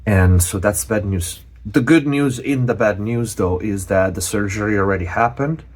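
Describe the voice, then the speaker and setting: A man from Europe, a channel host giving a personal update, speaking earnestly with many pauses and restarts. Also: fairly low pitch.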